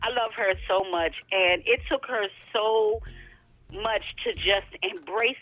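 A woman's voice: mid-range voice, slow, dry recording, narrow, tinny audio. A woman calling in by phone to a talk show, close to tears, gushing with pride and affection. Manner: tearful and gushing, fighting back tears. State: close to crying. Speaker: caller. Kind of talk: emotional call-in tribute. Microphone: phone line.

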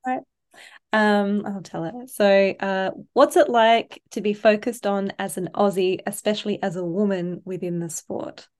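A woman hosts the interview at a middle pitch. She asks her guest questions and reads listener questions aloud in a plain, steady manner. Her voice stays even, without strong colour. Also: a little slow. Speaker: host.

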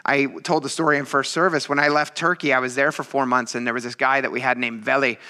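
A man's voice: mid-range voice, little pitch movement, quick pace, bright, forceful tone. A man preaching a casual sermon in a chatty, teasing, self-mocking way. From military veteran. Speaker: pastor.

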